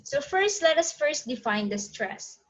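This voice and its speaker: A woman's voice: sits high, very animated, poor audio. Woman lecturing, many "okay"s. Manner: frequent "okay" fillers, pauses to check slides. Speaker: teacher. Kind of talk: online phonetics lecture.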